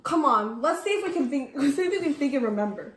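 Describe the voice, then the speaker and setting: A woman's voice: sits high, expressive, fast talker, a bit bright. A teenage girl playing a sarcastic, bossy student in a school skit. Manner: sarcastic, bossy study partner. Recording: echoey room, faint noise.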